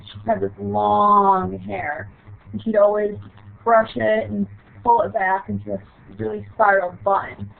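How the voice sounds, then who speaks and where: A woman telling a personal childhood story in short, halting phrases with frequent restarts. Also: medium pitch, vocal fry. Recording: tinny phone-like sound.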